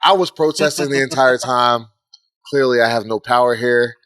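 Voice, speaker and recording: Joking, profane dad on a podcast. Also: male voice, medium pitch, moderate pace, no echo, studio quality. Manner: joking, profane, animated storyteller. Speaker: podcast co-host. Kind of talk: casual chat.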